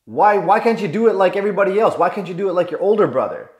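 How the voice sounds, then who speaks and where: A man voicing a harsh, frustrated middle-aged father who scolds his son, in an exasperated shouting tone. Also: on the high side, expressive, a little fast, close to an everyday voice. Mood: angry scolding. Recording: roomy echo.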